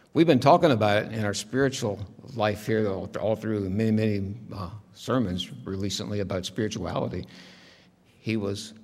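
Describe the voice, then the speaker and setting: Lowish husky guy preaching, chatty and thoughtful, long hall echo. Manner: conversational, reflective storytelling with soft asides. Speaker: pastor. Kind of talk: sermon. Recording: long reverb of a large hall.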